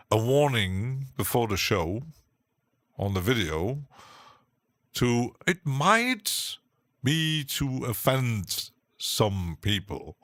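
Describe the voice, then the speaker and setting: A man with a lowish voice rambles through a live-stream chat at an unhurried, dragging pace, stopping and restarting his sentences and laughing between thoughts. The sound is close and dry, with no room around it. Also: fairly bright tone, no room sound. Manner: rambling, halting, with many restarts and frequent laughs. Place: home studio.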